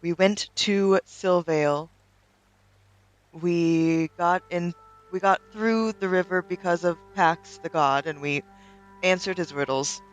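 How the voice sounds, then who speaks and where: A woman's voice: on the low side, steady tone, slow, clear, resonant tone, faint music behind, low-quality recording. Matter-of-fact woman player. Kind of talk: tabletop role-play chat.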